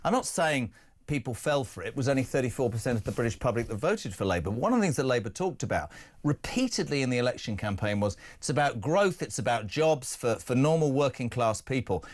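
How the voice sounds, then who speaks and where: A man's voice: medium pitch, big pitch swings, quick pace. A man hosting a radio phone-in show, joking with callers and then ranting with strong opinions, speaking from a studio. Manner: jokey, puts on voices, opinionated rants. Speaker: radio talk show host.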